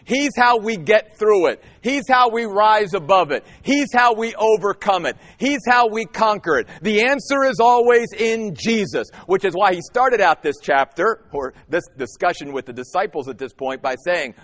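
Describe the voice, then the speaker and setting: A man preaching a sermon as a pastor, emphatic and animated, with dramatic pauses. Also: high voice. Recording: long hall reverb.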